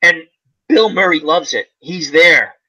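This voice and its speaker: Guy hosting a casual chat, high lively voice, bright and a bit husky, keeps acting out movie bits. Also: a little slow, poor audio. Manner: animated, acts out movie lines with laughing. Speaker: channel host. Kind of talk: casual chat about old comedy movies.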